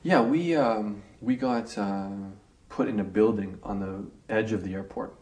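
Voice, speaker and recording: Guy telling his story in an interview, low voice, acts stuff out, roomy echo. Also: unhurried. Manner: animated storyteller, acts out scenes.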